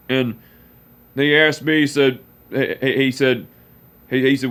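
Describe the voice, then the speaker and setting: A man telling a personal story, halting and repeating phrases as he restarts. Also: medium pitch, steady tone, fairly bright tone.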